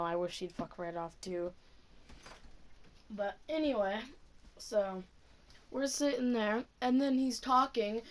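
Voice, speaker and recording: A teenage woman telling a school story in a casual, profane vlog rant, full of "like". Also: on the high side. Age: teens. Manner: casual, profane, heavy use of "like". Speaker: student.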